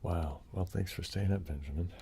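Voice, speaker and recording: A sleepy man chats easily with his live stream viewers in a mellow, dark tone. His voice sits very low and has a gravelly fry, and faint wood tapping clicks in the background. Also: a little slow, slight background noise. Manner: relaxed, chatty, greets viewers by name. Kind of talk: casual ASMR live stream chat.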